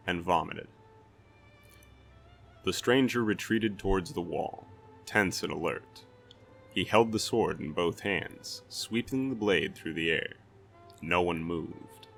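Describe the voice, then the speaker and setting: A man reading a fantasy novel aloud as a storyteller, in steady dramatic narration. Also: low voice, vocal fry.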